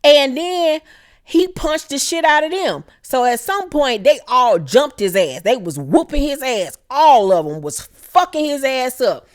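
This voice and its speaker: Profane, animated woman recapping a show. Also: high voice, a little slow. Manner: animated storyteller who acts out the characters' lines; heavy swearing, slangy. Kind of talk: profane casual episode recap.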